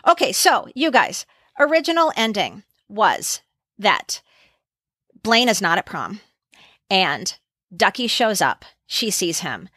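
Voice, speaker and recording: A woman's voice: mid-range voice, slow, long pauses, husky, no room sound. Woman cohost chatting about an old movie, acts out quotes, dry mic. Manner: animated storyteller who acts out quotes. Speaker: podcast co-host. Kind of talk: casual chat, retelling film trivia.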